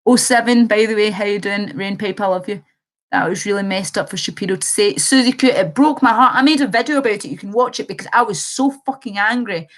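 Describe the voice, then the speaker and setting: A woman's voice: mid-range voice, fast talker. A young woman livestreaming, reading chat comments and rambling in an impassioned way, swearing casually.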